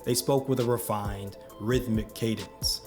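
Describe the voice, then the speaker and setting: A man's voice: fairly low pitch, fairly even intonation, measured pace. A man giving scripted history narration, with wry joking asides. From United States. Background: background music.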